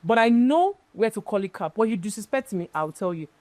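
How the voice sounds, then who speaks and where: A woman's voice: mid-range voice, a little fast, no room sound. Emphatic woman guest. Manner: emphatic, animated storytelling. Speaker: event planner guest. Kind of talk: casual interview chat.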